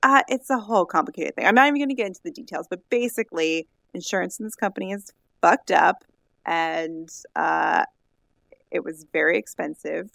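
A woman co-hosting a chat podcast with a lowish, gravelly voice full of vocal fry. She talks in a rambling, halting way, circling back on herself with fillers. The sound is dry and close, with no room around it. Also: fairly bright tone, no echo. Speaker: podcast co-host. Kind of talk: casual chat.

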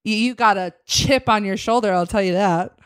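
A woman playing a blunt, bossy HR representative in a comedic tabletop game, stern and deadpan. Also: mid-range voice, moderate pace, smooth, dry recording, studio quality, close to an everyday voice. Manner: stern, deadpan insults, frequent laughing. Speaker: guest player.

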